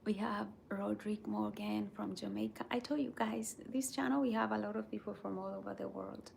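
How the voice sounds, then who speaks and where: Gravelly woman giving earnest pep talks. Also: mid-range voice, fairly even intonation, brisk, darkish tone, slight background noise. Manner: earnest, repeats "right?" and "okay?" to check in with viewers. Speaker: channel host. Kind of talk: casual motivational chat while reading viewer comments.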